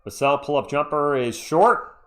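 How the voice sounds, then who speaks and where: Speaking at normal speed in a fairly high, expressive voice, a live stream host delivers fan play-by-play of a basketball game. He's chatty, reads viewer chat between calls, and sounds slightly congested.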